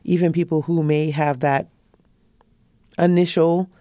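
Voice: mid-range voice, fairly even intonation, measured pace, warm tone, dry recording. A podcast co-host discussing news in a thoughtful way, sometimes searching for words.

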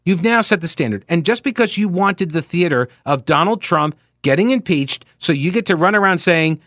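Brief: male talk radio host, higher-pitched than most, lively swinging delivery, dry close studio sound, sarcastic asides. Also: moderate pace, hardly any pauses, no room sound. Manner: animated, sarcastic, frequent asides and mocking quotes.

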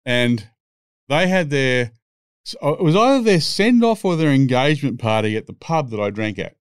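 A man in his 60s, appearing as a podcast guest, tells rambling, profane anecdotes in a casual storytelling style. His medium-pitched voice is expressive, clear and resonant, moving at a normal speed. The recording is dry with clean studio sound.

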